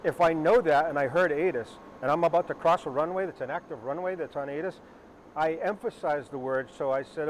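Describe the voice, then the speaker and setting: A man's voice: fairly high pitch, fairly quick, slight background noise. A man hosting a live stream as a pilot, talking casually and rambling with asides to his viewers. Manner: conversational, rambling with fillers and asides. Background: helicopter starting up nearby.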